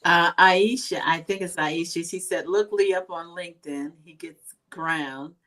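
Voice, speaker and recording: Woman host on a live show, lowish voice, reads comments, lots of ums. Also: a little slow, fairly bright tone. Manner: reads viewer comments, hesitant with fillers. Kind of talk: live interview hosting.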